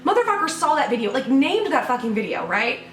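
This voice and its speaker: A woman's voice: high voice, very animated, quick pace, a bit bright, reverberant, far from the mic, slight background noise. A woman YouTuber doing a sarcastic, mock-outraged vlog rant, full of swearing, recorded at home. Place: home room.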